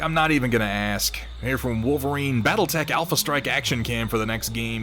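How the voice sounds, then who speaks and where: A man's voice: mid-range voice, unhurried, pauses often, a bit bright, soft background music. A man chatting casually on a live stream while painting miniatures, rambling, reading viewers' messages aloud and swearing offhandedly.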